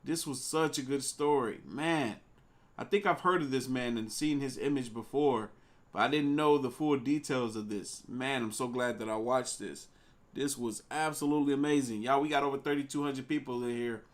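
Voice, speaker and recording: A man streaming a live reaction, casually talking to his chat in an animated way. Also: mid-range voice, moderate pace.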